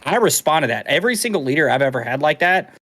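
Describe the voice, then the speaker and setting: A young adult man co-hosting a podcast, talking in a rambling, animated way with casual swearing. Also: fairly high pitch, fast talker, no room sound. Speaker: podcast co-host. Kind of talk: casual chat.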